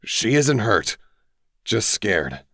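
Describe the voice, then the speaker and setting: A man's voice: on the low side, big pitch swings, drawn-out words, a bit bright, no room sound, studio quality, pitched above the performer's own voice, exaggerated voice. A man voicing an earnest teenage boy who explains things in a lifted, serious voice, in a solo-acted audiobook. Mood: reassuring. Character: Tobias, earnest teenage boy trapped as hawk.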